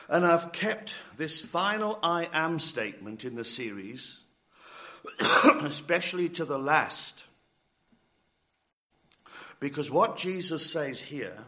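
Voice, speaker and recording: A man delivering a sermon as a pastor, emphatic and deliberate, rising on key words and coughing now and then. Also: on the high side, pushed and bright.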